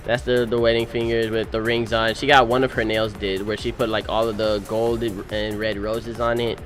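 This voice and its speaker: A young man, recently married, narrating his wedding photos in animated, slangy, casual storytelling. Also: fairly low pitch, soft background music. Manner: animated, slangy storytelling with quick voice-acted quotes. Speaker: groom.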